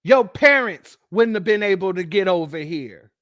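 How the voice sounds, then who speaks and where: A man's voice: high-pitched, expressive, moderate pace, a bit bright, dry recording, studio quality. A man hosting a livestream, giving heated commentary and counting off his points one by one in a combative way. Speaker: livestream host.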